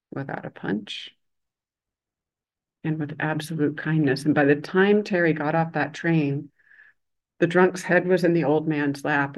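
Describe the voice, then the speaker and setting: A reflective Buddhist teacher and chaplain tells a teaching story. The voice sits at a mid pitch. The delivery is measured and gently emphatic. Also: poor audio. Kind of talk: dharma talk with storytelling.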